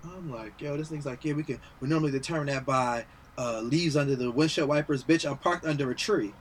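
A man with a slightly higher voice tells a story in a rush of slang and curses, animated and worked up. Faint room ambience sits behind him. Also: quick pace, a little hiss or hum. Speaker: podcast co-host. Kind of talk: casual podcast chat.

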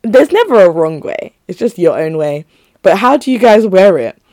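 A woman's voice: mid-range voice, very animated, normal speed, mellow, no echo, studio quality. A young woman chatting casually on her own to her listeners, rambling and giggly. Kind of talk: casual solo chat to listeners.

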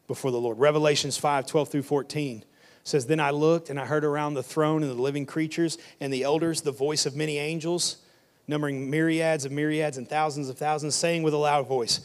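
A man's voice: fairly high pitch, fairly even intonation, fairly quick. A male pastor preaching in a conversational way and reading scripture aloud to his congregation. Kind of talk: sermon.

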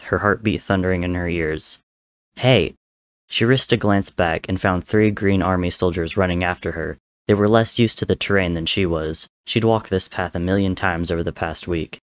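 A man reading a story aloud in a measured, dramatic way. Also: low voice, no echo. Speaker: narrator.

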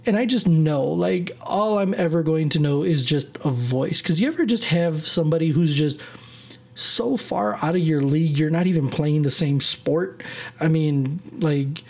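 A man's voice: fairly high pitch, normal speed, gravelly, darkish tone. Rambling casual man telling a story. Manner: rambling, goes off on tangents, self-deprecating. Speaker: podcast host.

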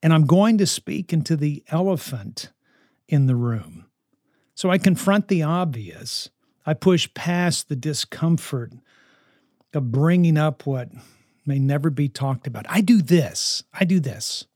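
An older man talks earnestly to fellow grandparents, his voice sitting a little high for a man. He is animated and emphatic, returning to the same phrases for weight. The recording is dry and close, with no room sound. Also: measured pace, dry recording. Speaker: speaker on grandparenting.

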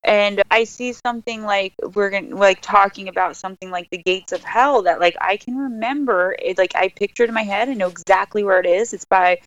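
A woman's voice: medium pitch, a little fast, few pauses, no room sound, lo-fi sound. Chatty young woman from New Jersey. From northern New Jersey. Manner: chatty, says "like" often, laughs easily. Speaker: guest. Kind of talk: casual interview chat.

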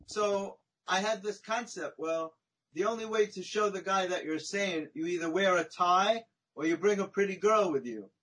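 Husky high-voiced man telling anecdotes. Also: moderate pace, rough recording. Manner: animated, chatty anecdote telling with frequent "right?" and "you know?". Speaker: podcast guest. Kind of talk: conversational storytelling.

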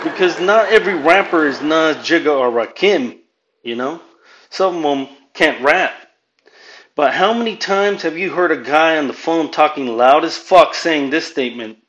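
Animated and a little high-voiced, with a fairly bright tone and moderate pace, a Southern California podcast host runs through a profane, wandering stand-up monologue with Spanish phrases sprinkled into his English. The audio from his home mic is poor.

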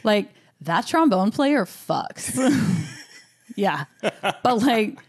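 A woman's voice: mid-range voice, big pitch swings, extremely slow. A young woman doing a stand-up comedy set on a podcast, telling a story with a lot of laughter and voiced asides.

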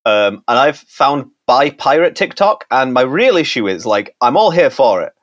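An animated male podcast co-host on a loose rant. His pitch moves a lot, rising and falling as he makes his case. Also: normal speed, muffled recording. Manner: ranting, animated. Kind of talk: casual banter.

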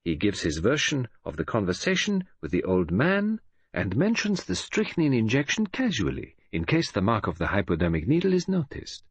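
A man reading a detective novel as an audiobook, narrating in an expressive, measured way. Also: lowish voice, slightly rough, no room sound. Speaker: audiobook reader. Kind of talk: scripted narration.

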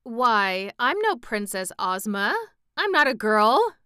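A woman's voice: a little high, very animated, slow pace, pushed and bright, smooth, no echo, clean studio sound, pitched above the performer's own voice, exaggerated voice. A woman voicing a nervous, startled young boy in a storybook reading, exclaiming as he talks. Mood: amazed.

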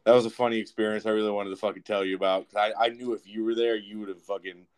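A young man co-hosting a casual talk show, telling a rambling, profane story in an animated way. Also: fairly low pitch, rapid-fire. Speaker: podcast co-host.

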